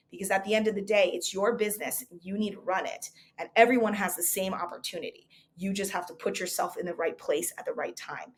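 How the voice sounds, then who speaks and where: A woman in her thirties giving a recruitment coach's motivational market update, energetic and emphatic, driving her points home with repeated rhetorical questions. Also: mid-range voice.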